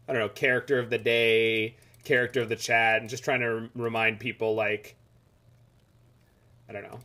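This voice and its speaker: A man's voice: mid-range voice, pushed and bright. A man streaming a game, chatting casually and rambling as he reads the chat aloud. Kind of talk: casual live-stream chat over gameplay.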